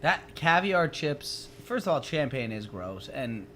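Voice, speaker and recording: A man in casual comedy podcast banter, chiming in with animated, giggly remarks. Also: medium pitch, a little slow, a little hiss or hum. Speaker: podcast guest.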